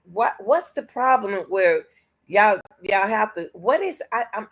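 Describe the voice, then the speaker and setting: A woman commenting for her reaction channel, speaking to the audience as y'all. Her pitch sits in the middle, and her delivery jumps between loud emphatic outbursts and quiet, under-the-breath asides. She often restarts a thought mid-sentence. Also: moderate pace, low-quality recording. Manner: animated and exasperated, addresses viewers as y'all, restarts and repeats herself; swings from loud emphatic bursts to low muttering.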